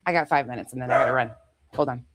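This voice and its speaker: A woman's voice: rumbling low, racing, noisy background. Profane, chatty woman vlogger. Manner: profane, chatty, talks to her pets. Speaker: channel host. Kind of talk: casual chat. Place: home with dogs.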